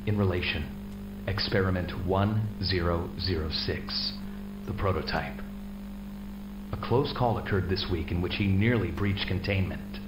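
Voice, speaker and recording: A man voicing a male researcher who reads a lab log in a flat, clinical manner. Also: low-pitched, unhurried, over loud music. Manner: flat, clinical report reading. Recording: roomy echoing tape playback.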